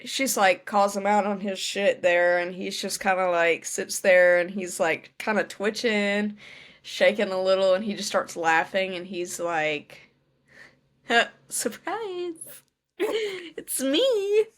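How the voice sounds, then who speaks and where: A young woman co-hosting a podcast, recounting a show's plot in lively casual chat. She mimics the characters' lines as she goes. Her voice sits at an ordinary middle pitch. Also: a little slow. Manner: animated storytelling, acts out characters' lines. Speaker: podcast co-host. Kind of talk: casual chat recapping a TV show.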